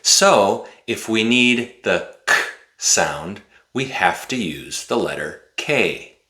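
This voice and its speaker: Male teacher for a pronunciation lesson, lively pitch, roomy sound. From United States. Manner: slow, carefully articulated, demonstrative. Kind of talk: slow, clear pronunciation lesson.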